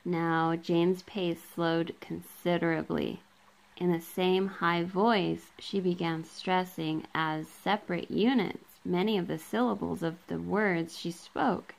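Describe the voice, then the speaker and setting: A woman reads from a book at an unhurried, slow pace, her low voice catching in a gravelly fry. She marks every quoted passage aloud and breaks off for relaxed asides full of ums. She films herself on a handheld camera. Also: low-quality recording. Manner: casual, with frequent ums. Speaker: book vlogger.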